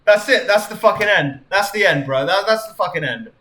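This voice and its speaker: A male streamer reading fan fiction aloud on a live stream in an animated, sweary way, his voice hoarse from hours of reading. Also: sits high, brisk, a little hiss or hum. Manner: animated, sweary, exaggerated delivery.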